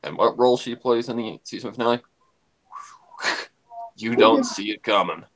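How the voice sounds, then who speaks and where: A man's voice: fairly low pitch, moderate pace. Rambling man chatting on a stream. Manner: rambling, animated, repeats himself. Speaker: livestream co-host. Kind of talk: casual livestream chat.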